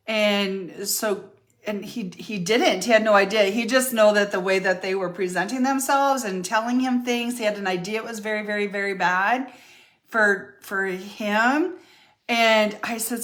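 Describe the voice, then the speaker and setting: A woman's voice: mid-range voice, a little slow, a bit bright. An older woman telling her own life story to her followers in a chatty, candid way, full of fillers and restarts. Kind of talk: casual storytelling to camera.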